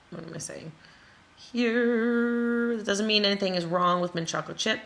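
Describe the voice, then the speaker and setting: A woman's voice: mid-range voice, normal speed, gravelly, a bit bright. A woman from Wisconsin giving a motivational talk as a creative coach, stressing her points in repeated phrases with playful asides. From Wisconsin, USA.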